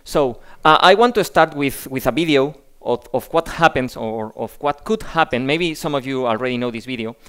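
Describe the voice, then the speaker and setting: A man from Spain giving a tech conference talk in a halting way, often repeating words. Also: medium pitch, fairly bright tone, clear, resonant tone. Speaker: conference speaker.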